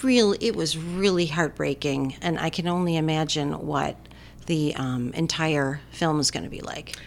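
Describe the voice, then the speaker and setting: A woman's voice: low voice, moderate pace, creaky, slight background noise. A woman co-hosting a casual movie chat, talking enthusiastically with many fillers. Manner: chatty, filler-heavy, enthusiastic. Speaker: movie talk co-host.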